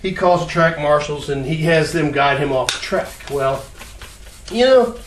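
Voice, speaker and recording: A man's voice: a little high, unhurried, a little hiss or hum. A man casually telling a made-up story, acting out sounds and gestures as he goes. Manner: animated, acts out sounds and gestures. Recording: roomy echo, mic at a distance.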